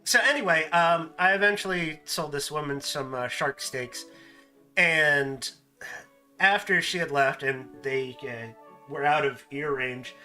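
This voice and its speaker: A man hosting a casual stream, telling animated stories and laughing often. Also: fairly high pitch, a little slow, faint music behind. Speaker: streamer host. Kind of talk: casual chat.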